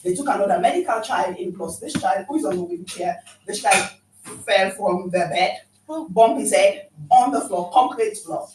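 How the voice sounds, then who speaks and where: A woman's voice: medium pitch, moderate pace. A woman passionately telling a personal story in a group discussion. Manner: emphatic, passionate. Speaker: speaker at a community event. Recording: echoey room, distant mic, noisy.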